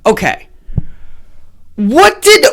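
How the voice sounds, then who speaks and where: A podcast host in a casual solo episode, ranting and swearing heavily, swinging between muttered asides and loud outbursts. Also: sits high, big pitch swings, drawn-out words. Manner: profane, heated ranting.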